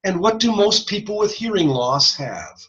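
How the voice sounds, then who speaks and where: A man giving a recorded lecture on hearing and speech sounds, casual and animated, often demonstrating sounds aloud. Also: sits high, normal speed, lo-fi sound.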